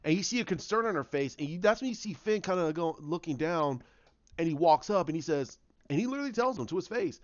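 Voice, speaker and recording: A man's voice: on the high side, animated, quick pace, no echo, highs cut off. A man casually retelling a story idea as a video creator, rambling with frequent restarts and repeated words.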